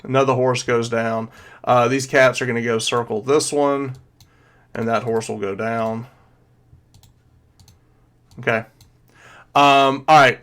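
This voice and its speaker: A man narrating as game master of a tabletop game, pausing often with fillers as he describes the action. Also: medium pitch, little pitch movement, fairly bright tone. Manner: hesitant, filler-heavy narration.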